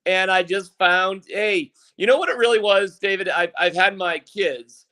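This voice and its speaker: Man, veteran sports radio guest, high voice, bright and sharp tone, jokey and animated. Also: measured pace. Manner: animated, jokey, acts out his own reactions. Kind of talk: casual sports chat.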